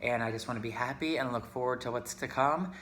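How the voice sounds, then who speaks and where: A man's voice: medium pitch, fast talker, a bit bright, a little hiss or hum. A chatty, emotional man from Pittsburgh, talking casually in a vlog and mixing in Spanish words. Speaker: vlogger.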